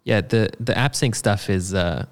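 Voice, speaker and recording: A man with a low, gravelly voice chats loosely about software work. He explains in a laid-back way, full of fillers and offhand swearing. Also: a little slow. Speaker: software developer. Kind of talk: casual chat.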